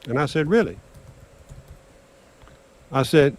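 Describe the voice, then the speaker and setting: An older man with a drawl tells a casino story. He is lively and animated, and his voice jumps up when he acts out the exchanges. This is a loose, casual chat between friends. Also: moderate pace. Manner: animated, acts out dialogue with raised pitch. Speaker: guest storyteller on craps livestream.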